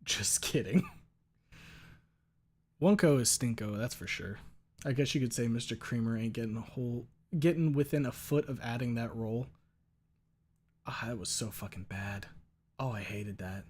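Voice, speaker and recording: A man's voice: medium pitch, moderate pace, long pauses, slightly rough. Male streamer, casual chat, joking, swears a lot, reads chat aloud.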